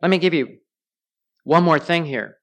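A man's voice: on the high side, moderate pace, fairly bright tone. Storytelling man preaching a sermon. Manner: storytelling preacher, asks the congregation questions. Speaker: pastor.

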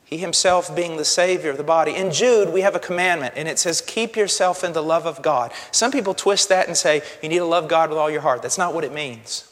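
A male pastor preaching a sermon with passion, dropping to a hush and then rising to a shout. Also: fairly high pitch, fairly quick, hardly any pauses, in a large hall. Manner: impassioned, swings from hushed to shouting.

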